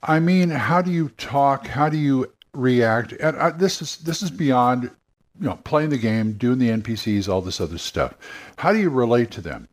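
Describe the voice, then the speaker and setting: An older man, a game master and former radio worker, talking casually and rambling, often acting out quick voices. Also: mid-range voice, lively intonation.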